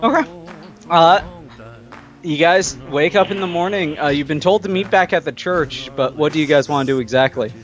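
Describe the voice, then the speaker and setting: A man's voice: on the high side, moderate pace. A man narrating as game master in a laid-back, hesitant way.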